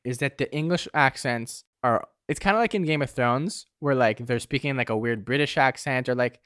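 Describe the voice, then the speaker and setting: A man's voice: medium pitch, normal speed, fairly bright tone, clear, resonant tone, no echo. Young male podcast co-host, easygoing filler-heavy chat, dry mic. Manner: laid-back, says "dude" and "like" a lot. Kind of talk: casual chat.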